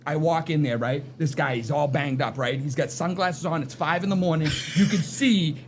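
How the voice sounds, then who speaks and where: High-voiced man telling a story. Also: normal speed, a little hiss or hum. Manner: animated, tags lines with "right?" and "you know what I mean?". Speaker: podcast guest. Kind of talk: casual storytelling.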